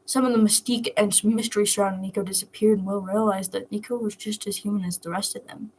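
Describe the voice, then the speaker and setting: A woman reading a fan fiction story aloud in a soft, steady narrating voice. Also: mid-range voice, quick pace, husky, rough recording.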